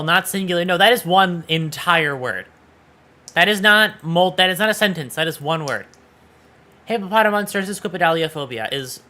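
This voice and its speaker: A man's voice: high voice, pushed and bright. A man streaming live, chatting casually and teasing his viewers, with playful swearing. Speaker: VTuber streamer.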